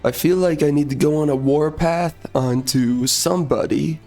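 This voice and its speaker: Hoarse, ranting gaming commentator man. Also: on the high side, normal speed, mellow, soft background music. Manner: ranting, blunt, peppered with mild minced swears. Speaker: gameplay commentator. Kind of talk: casual gameplay commentary.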